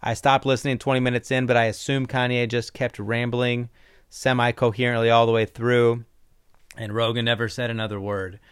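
Smooth-voiced opinionated podcast man. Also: medium pitch, flat delivery, brisk. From Iowa. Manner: opinionated, rambling, frequent ums. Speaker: podcast host. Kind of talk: casual solo podcast commentary.

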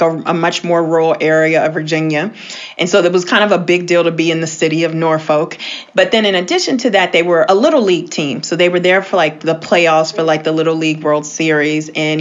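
A woman telling a personal story in casual conversation as a guest, animated, with many filler words and sudden upward swoops for emphasis. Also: fairly low pitch, lo-fi sound.

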